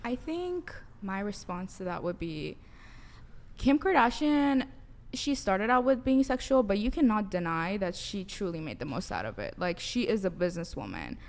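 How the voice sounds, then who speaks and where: Young female panel guest, measured and thoughtful, mid-range pitch. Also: sing-song. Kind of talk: casual panel chat.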